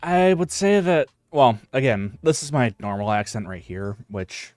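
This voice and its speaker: Man, US West Coast accent, casual streamer chat, rambling with fillers, mid pitch, dry sound. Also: very animated, a little slow, darkish tone, dry recording. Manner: rambling, many fillers and restarts.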